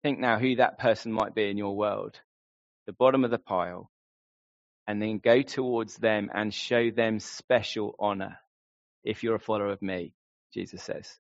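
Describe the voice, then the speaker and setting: A man's voice: on the low side, steady tone, normal speed, dry recording. Man preaching, earnest, questioning, dry close sound, slightly dull lo-fi. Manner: earnest, questioning the listeners directly. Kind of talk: sermon.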